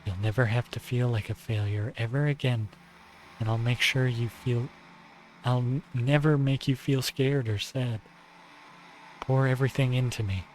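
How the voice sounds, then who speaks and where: A male streamer reading a visual novel aloud and voicing an obsessive, possessive young woman who talks to her partner in a softly adoring, controlling way. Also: mid-range voice, fairly even intonation, moderate pace, a little hiss or hum, close to an everyday voice, rough recording. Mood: tender.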